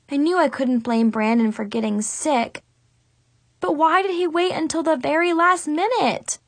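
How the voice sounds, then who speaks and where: A woman reading a first-person children's story with a dramatic, expressive teen-girl manner. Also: sits high, moderate pace, dry recording. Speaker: audiobook narrator.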